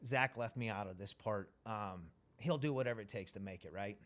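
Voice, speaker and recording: Profane, animated male storyteller. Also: fairly low pitch, brisk. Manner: profane, animated, acts out quoted dialogue. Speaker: podcast guest. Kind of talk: casual storytelling.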